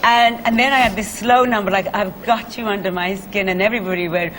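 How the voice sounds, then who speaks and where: A woman's voice: a little high, fairly quick, hardly any pauses, background noise. A Welsh woman, a singer, chatting as a guest in a television studio interview, telling stories with many fillers and laughs. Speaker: singer as talk show guest.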